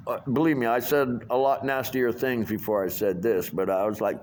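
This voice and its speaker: A man's voice: medium pitch, steady tone, moderate pace, hardly any pauses, darkish tone, slight background noise. A middle-aged man ranting casually and profanely about his restaurant job, rambling with many fillers. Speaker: vlogger. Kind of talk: casual rant monologue.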